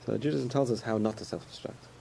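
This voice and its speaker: Man, mellow gravelly voice, easygoing chatty preacher with a little background hiss. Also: mid-range voice, fairly even intonation, fast talker. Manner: conversational, repetitive, chuckles often. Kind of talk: sermon.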